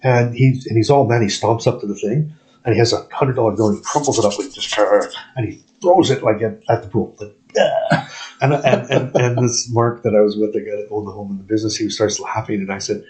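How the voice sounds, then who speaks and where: A man's voice: on the low side, steady tone, fast talker, darkish tone, rough recording. A man from Canada telling rambling stories in casual chat, restarting sentences and laughing often.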